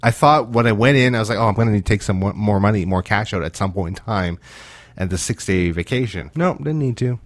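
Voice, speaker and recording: A man's voice: lowish voice, fast, no echo. Dry-voiced man ranting. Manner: rambling, animated storyteller with many restarts. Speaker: podcast co-host. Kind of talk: casual chat, comic travel rant.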